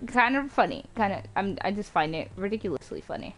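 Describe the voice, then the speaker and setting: A woman streaming a racing game live, reacting excitedly, yelping and groaning as she races, on a home mic with some static. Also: mid-range voice, brisk. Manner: excitable, yelps and groans at the race. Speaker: gaming streamer. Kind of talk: live gameplay commentary.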